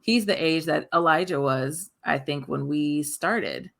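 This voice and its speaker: Woman, thirties, low voice, gravelly, candid casual podcast chat. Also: unhurried, fairly bright tone. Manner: candid, chatty, often quotes her toddler in a high voice. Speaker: podcast co-host.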